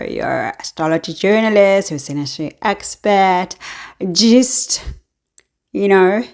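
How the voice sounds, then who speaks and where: A woman's voice: fairly low pitch, a little mellow. A woman astrologer talking casually to her viewers, chatty and often breaking into laughter between thoughts. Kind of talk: casual talk to camera.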